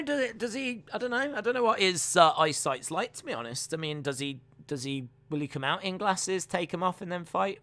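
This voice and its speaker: Young guy doing live fight watch-along, kinda high voice, crisp, talks loose then gets hyped calling it. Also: no echo. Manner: rambling and chatty, rising to excited play-by-play. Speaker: live stream host.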